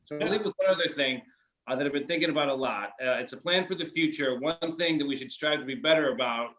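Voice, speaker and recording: A man with a Chicago accent telling a deadpan stand-up story. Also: a little high, quick pace. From Chicago area. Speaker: stand-up comedian. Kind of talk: online stand-up set. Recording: lo-fi stream audio.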